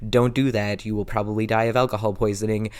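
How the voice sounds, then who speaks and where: A man's voice: on the low side, flat delivery, fast, darkish tone, clear, resonant tone. A man rambling in a casual home vlog, self-deprecating and repeating himself, a little out of breath, recorded on a camera's built-in mic. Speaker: vlogger. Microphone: built-in camera mic, low angle.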